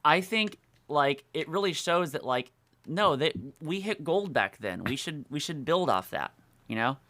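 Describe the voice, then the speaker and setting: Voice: medium pitch, animated, unhurried, a bit bright. A podcast guest chatting casually and with animation about games, with many fillers and restarts.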